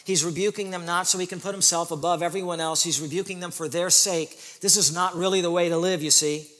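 Male pastor with a high voice, emphatic sermon delivery with loud and hushed turns, long hall reverb. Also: fairly even intonation, brisk. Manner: emphatic, repeats phrases for stress, swings from loud to soft.

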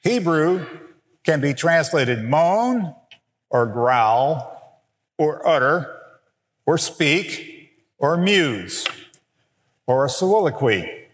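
A middle-aged man teaching a biblical counseling workshop, speaking in a slow, deliberate and emphatic way. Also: on the high side, big pitch swings. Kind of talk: teaching a workshop session with slides. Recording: echoey hall, long reverb.

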